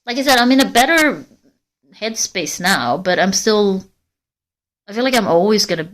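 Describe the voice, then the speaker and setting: A woman's voice: mid-range voice, expressive, normal speed, long pauses, fairly bright tone. A woman livestreamer walking in a forest, talking candidly and rambling straight to her viewers in casual chat. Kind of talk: casual live-stream chat.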